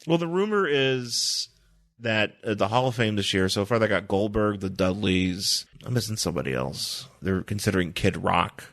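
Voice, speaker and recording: A man co-hosting a podcast in casual chat, animated, often acting out quotes in loud high voices. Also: moderate pace. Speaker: podcast co-host.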